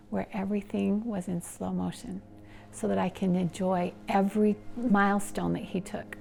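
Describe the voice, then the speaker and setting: A middle-aged woman telling her personal story in an earnest, emotional way, her voice going soft and breathy at the tender moments. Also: medium pitch. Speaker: interviewee, nonprofit founder and mother. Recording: soft music underneath.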